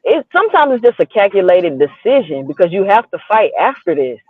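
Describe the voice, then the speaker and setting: A man co-hosting a boxing podcast, who adds short, calm, reasoned comments in casual chat. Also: high voice, fairly quick, no room sound. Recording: thin phone-like dry sound.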